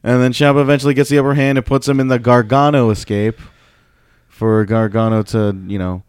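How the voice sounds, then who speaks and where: A man's voice: mid-range voice, fairly even intonation, brisk, a little mellow, smooth, no room sound, studio quality. A man co-hosting a podcast, chatting casually and rambling with fillers and laughs. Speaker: podcast co-host. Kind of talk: casual wrestling recap chat.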